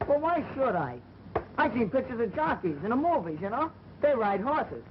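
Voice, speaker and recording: A man's voice: very high voice, big pitch swings, normal speed. A young actor playing a skeptical, streetwise male gang member in a 1940 film. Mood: doubtful. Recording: muffled, hissy 1940 film soundtrack.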